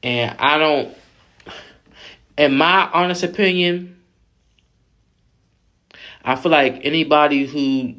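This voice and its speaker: A man's voice: fairly high pitch, slow, pauses often, pushed and bright. A man hosting a vlog, recapping a reality show in blunt, profane, opinionated casual commentary that rambles with restarts.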